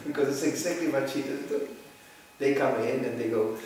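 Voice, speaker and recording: A man's voice: medium pitch, normal speed, long pauses, a little mellow. A man giving a conversational spiritual lecture, telling anecdotes and laughing often. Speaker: preacher. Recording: echoey room, far from mic, faint noise.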